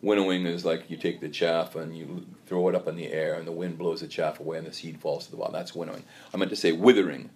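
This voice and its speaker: Halting low-voiced man preaching. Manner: halting, repeats words, storytelling. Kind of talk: sermon.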